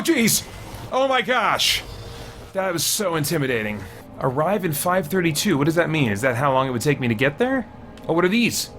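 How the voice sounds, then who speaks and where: A man talks his way through a game, reacting aloud to every sound and surprise. He is jumpy and excitable, sometimes yelping, and his voice sits at an ordinary middle pitch. Faint game music plays underneath. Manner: jumpy, excitable, easily startled. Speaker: gameplay commentator. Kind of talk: let's play commentary.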